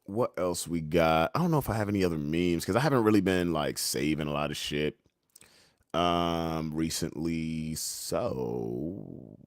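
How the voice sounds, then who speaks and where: A man's voice: low-pitched, measured pace, no echo, clean studio sound. A young man hosting a casual livestream, reading the chat and memes aloud, joking and laughing often in a laid-back way. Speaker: livestream host.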